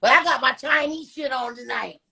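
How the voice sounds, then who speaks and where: A woman on a podcast, telling stories in a brash, profane, animated way as a guest. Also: sits high, moderate pace, creaky, breathy edge. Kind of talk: casual storytelling chat.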